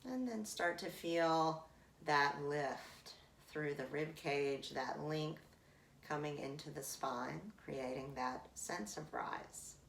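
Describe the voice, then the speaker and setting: Woman, meditation teacher, calm drawn-out phrasing, gravelly voice, distant roomy mic. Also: low voice, slight background noise. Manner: slow, calm, drawn-out phrases with long pauses. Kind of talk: guided breathing meditation.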